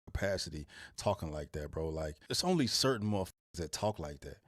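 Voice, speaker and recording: A man with a low, deep voice talking in a blunt, profane and slangy way in casual commentary. The recording is dry and close. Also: lively intonation, brisk, no room sound.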